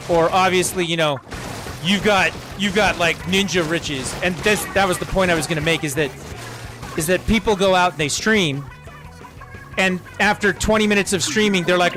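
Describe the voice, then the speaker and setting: A man's voice: high-pitched, a little fast, over music. A young man streaming a game and chatting casually to viewers, rambling with lots of fillers. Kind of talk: casual chat while gaming.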